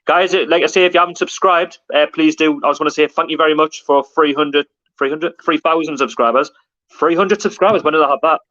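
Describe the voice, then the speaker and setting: A man hosts a casual live stream, chatting and reading viewer comments aloud. His voice sits a little high. The audio is dull and lo-fi. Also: fairly quick, bright, forceful tone. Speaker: livestream host.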